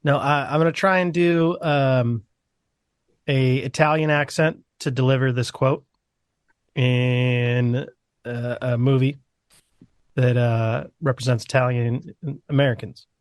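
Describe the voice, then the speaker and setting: A man's voice: mid-range voice, fairly even intonation, slow pace, smooth, no room sound. A man chats on a podcast panel, rambling and poking fun at himself. His voice sounds dry and close to the mic. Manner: rambling, self-mocking. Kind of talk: casual joking chat.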